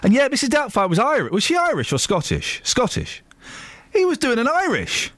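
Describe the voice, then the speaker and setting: A man's voice: extremely high pitch, huge pitch swings, brisk, a bit bright, dry recording. A man hosting a phone-in radio show, teasing callers playfully and stammering as he talks. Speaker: radio host.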